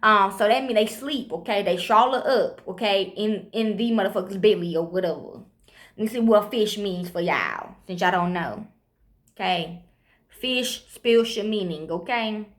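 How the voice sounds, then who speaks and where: A woman, reading scripture slowly and breaking into rambling, profane commentary with constant "okay?" asides. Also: medium pitch. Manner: reads slowly, then rambles fast with frequent "okay?" and swearing. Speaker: amateur preacher.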